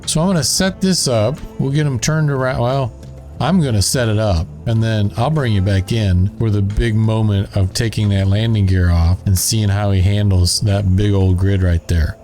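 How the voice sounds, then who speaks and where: With soft music in the background, a man with a Southern drawl talks in a fairly low, mellow voice at a moderate pace. The gaming channel host casually narrates a building game as he plays, thinking aloud while he works.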